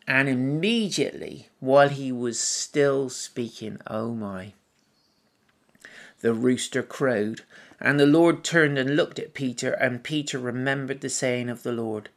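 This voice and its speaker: A man preaching a sermon, reading scripture aloud and musing on it in a gentle, reflective way with soft asides. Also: mid-range voice, fairly even intonation, a little slow, gravelly. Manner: reads scripture aloud, then muses on it.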